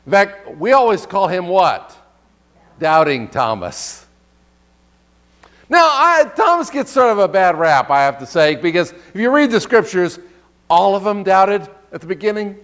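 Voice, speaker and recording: High-voiced man preaching conversationally. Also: big pitch swings, normal speed, fairly bright tone. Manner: conversational preaching with rhetorical questions, reading scripture aloud. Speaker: pastor. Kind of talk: sermon.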